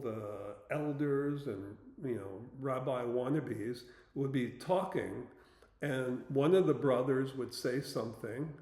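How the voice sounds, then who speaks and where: A man giving an informal Bible teaching talk, plain-spoken and unhurried, pausing with fillers as he explains. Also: mid-range voice, darkish tone, echoey room.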